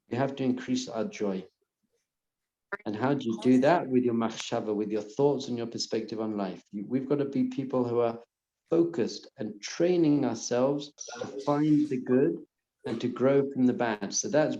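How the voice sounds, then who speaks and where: A man, a rabbi, teaching a live class in an earnest, encouraging way, at times repeating a phrase softly. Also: mid-range voice, roomy sound, lo-fi sound. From lives in Israel. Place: lecture room with audience.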